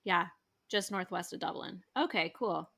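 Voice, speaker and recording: A woman's voice: on the low side, moderate pace, creaky, bright, forceful tone. A woman co-hosting a podcast, chiming in casually with questions and short agreements. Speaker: podcast co-host. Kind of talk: casual conversational chat.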